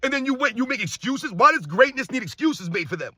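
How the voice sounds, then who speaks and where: High, bright-voiced man ranting about sports. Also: very animated, fast, slightly rough, no echo, clean studio sound. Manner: emphatic, repetitive rhetorical questions; addresses viewers as guys, occasional shouting. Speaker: sports commentary host.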